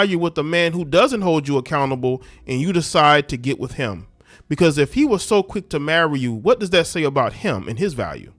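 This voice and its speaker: A man's voice: a little high, sing-song, a little fast, fairly bright tone, no echo, studio quality, soft background music. A man hosting a commentary show, ranting scornfully and preaching straight at his listeners. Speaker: commentary channel host. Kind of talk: ranting social media commentary.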